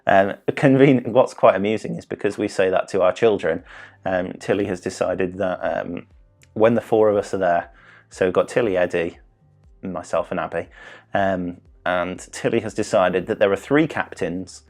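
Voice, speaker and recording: A man's voice: deep voice, normal speed, darkish tone, faint music behind. Rambling man hosting a quiz. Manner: rambling, self-interrupting, jokey. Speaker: quiz host. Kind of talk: live-streamed quiz, casual chat.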